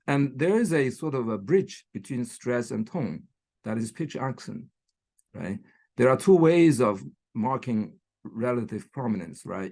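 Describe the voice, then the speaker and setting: Gravelly man lecturing online, checking "right?". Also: fairly low pitch, darkish tone. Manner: frequent fillers and "right?" checks. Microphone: computer mic on a video call.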